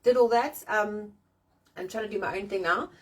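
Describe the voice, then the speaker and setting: A woman's voice: medium pitch, normal speed, recorded from a distance. A middle-aged woman hosting a casual live-stream chat, talking bluntly and swearing freely as she rants and jokes. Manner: blunt, sweary, animated ranting. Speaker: host of a live chat show. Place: outdoors in the rain.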